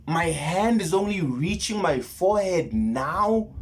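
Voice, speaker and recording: A South African man telling a personal story in casual vlogger talk, rambling and animated, dropping to whispers and repeating himself as he goes. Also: sits high, slow, a little hiss or hum. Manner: rambling, animated retelling with whispered asides and many restarts. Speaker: spiritual vlogger.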